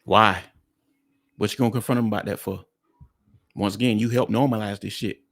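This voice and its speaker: A man's voice: fairly low pitch, steady tone, brisk, fairly bright tone. A man hosting a reaction commentary, talking bluntly and mockingly to his viewers. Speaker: commentary host.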